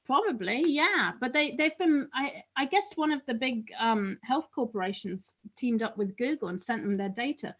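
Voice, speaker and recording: A woman co-hosting a casual podcast, chatty and full of fillers and quick laughs. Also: fairly high pitch, animated. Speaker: co-host.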